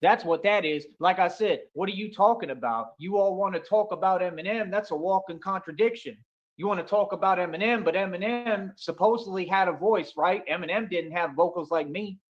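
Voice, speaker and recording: A man's voice: high voice, a little fast, highs cut off. A man from the United States hosting a casual livestream monologue, boastful and swaggering, looping back with "like I said" over and over. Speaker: livestream host.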